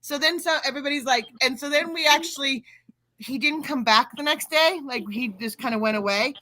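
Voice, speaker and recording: Rambling host, high bright voice, casual chat. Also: female voice, a little fast, dry recording, low-quality recording. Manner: rambling, restarts her sentences. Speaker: channel host.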